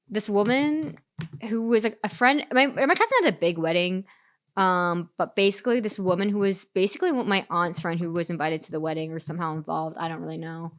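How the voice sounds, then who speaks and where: A woman's voice: lowish voice, a bit bright, clean tone. A young adult woman streamer telling a story in casual chat, rambling with lots of "like" and restarts.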